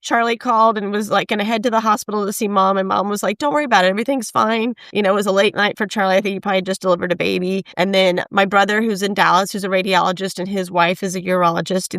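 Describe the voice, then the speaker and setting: A woman's voice: mid-range voice, no echo, studio quality. Earnest woman telling a personal story. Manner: earnest, with occasional soft laughs. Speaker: guest, patient safety foundation co-founder. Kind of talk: personal storytelling in a podcast interview.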